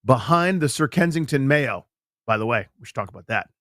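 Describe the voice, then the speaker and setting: Playful, animated male radio host. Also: medium pitch, fairly quick, no echo, clean studio sound. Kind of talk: casual radio banter.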